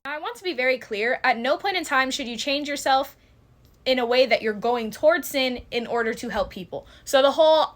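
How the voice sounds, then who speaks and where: A woman's voice: high-pitched, animated, brisk. A young woman giving a candid, slangy Bible-study talk straight to camera. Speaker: Christian content creator. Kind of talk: casual Bible-study vlog.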